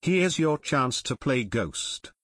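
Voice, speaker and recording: A firm, commanding teenage boy sleuth, read by a man. The voice moves lively through its range in a dry, close recording. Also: medium pitch, slow, dry recording, full character voice. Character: steady teen boy detective giving orders.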